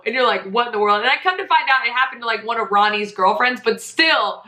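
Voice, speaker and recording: Bright, chatty woman telling a story. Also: a little high, quick pace, hardly any pauses, reverberant. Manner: animated, chatty, laughs often, says "whatever". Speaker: podcast host. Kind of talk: casual storytelling monologue.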